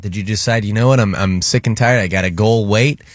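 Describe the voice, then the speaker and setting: A man's voice: on the low side, fairly quick, no echo, clean studio sound. A man hosting a hit-music radio show, telling stories in casual banter with frequent restarts. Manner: chatty storyteller with restarts.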